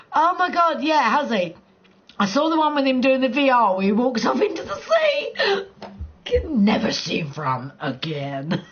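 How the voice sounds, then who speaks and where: A woman's voice: high-pitched, wildly swooping pitch, a little slow, breathy edge, dull audio. A middle-aged woman chatting casually with viewers on her live gaming stream, rambling, laughing often and swearing freely.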